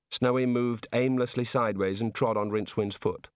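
A man narrating a storybook in a measured, steady reading. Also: medium pitch, smooth, no echo, studio quality. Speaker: audiobook narrator.

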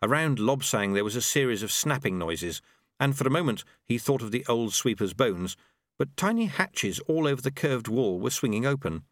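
An audiobook narrator with a medium-pitched voice reads a scripted story aloud at a moderate pace, telling it expressively. The recording is clean studio sound with no room noise.

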